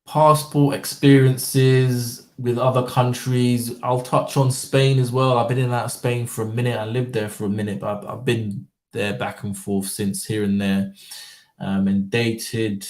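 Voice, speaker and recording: A man talks casually to camera and rambles through his points. He fills them with "um" and repeats his words as he thinks. His voice is of middling pitch and sounds roomy and a little distant from the mic. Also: level tone, measured pace, a little mellow. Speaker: vlogger. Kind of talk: casual monologue.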